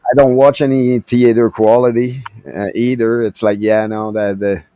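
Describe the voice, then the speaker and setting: A man's voice: medium pitch, level tone, normal speed, mellow, smooth, no echo. Rambling man on a dry call line. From Quebec. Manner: rambling, stammering restarts. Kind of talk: casual group chat over a call. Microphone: video call.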